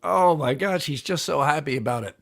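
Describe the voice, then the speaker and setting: A man's voice: on the high side, fairly quick, creaky, fairly bright tone. Man, co-host, casual sports chat, conversational, amused. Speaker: radio co-host.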